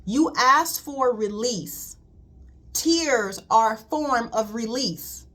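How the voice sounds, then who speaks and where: A woman's voice: fairly high pitch, expressive, extremely slow, a bit bright. A woman colon hydrotherapist giving a casual spiritual wellness talk, emphatic and repetitive, calling listeners "queen.".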